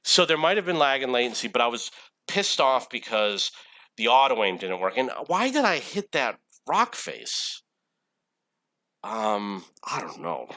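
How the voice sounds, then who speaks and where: A man's voice: mid-range voice, sing-song, a little slow, sharp tone, no room sound. A man in his forties giving casual, rambling commentary over his own gameplay replay, swearing often when irritated. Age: 40s. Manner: rambling, profane, easily irritated.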